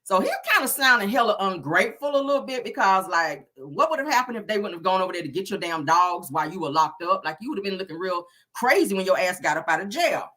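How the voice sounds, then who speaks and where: A woman recapping a reality show episode in a sassy, animated, slang-filled way. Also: medium pitch, quick pace, hardly any pauses. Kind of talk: casual chat.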